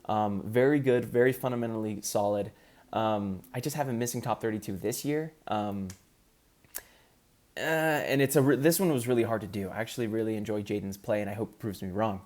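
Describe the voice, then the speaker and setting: A man's voice: on the low side, brisk, a little mellow. A man in casual commentary, ranking competitive gamers in an upbeat, chatty way with frequent ums.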